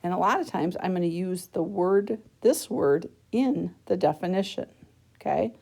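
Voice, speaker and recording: In a worksheet lesson recorded for students, a woman teacher guides them patiently through every step of the task, often asking "okay?". Her fairly low voice is gravelly, a little mellow and slightly rough, at a normal speed.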